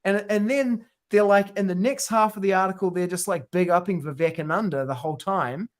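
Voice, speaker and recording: A man's voice: sits high, fairly quick. A man co-hosting a podcast, chatting casually and telling stories with slang and mock quotes. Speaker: podcast co-host. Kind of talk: casual chat.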